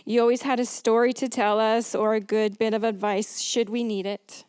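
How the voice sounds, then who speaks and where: A woman with an English accent reading family tributes aloud at a memorial, measured and pausing to clear her throat. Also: a little high, little pitch movement, darkish tone, no echo.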